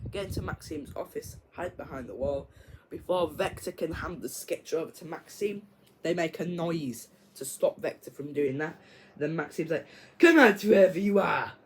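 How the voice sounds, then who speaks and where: A man's voice: a little high, normal speed, darkish tone, slight background noise, rough recording. A man casually retelling his own version of a film plot, rambling with lots of fillers and mouth sound effects. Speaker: video creator.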